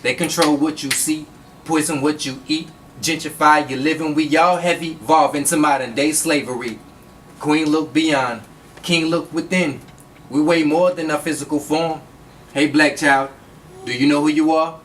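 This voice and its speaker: Male poet: steady rhythmic recitation, higher register, faint noise behind. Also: normal speed. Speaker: spoken word poet. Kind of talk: spoken word performance.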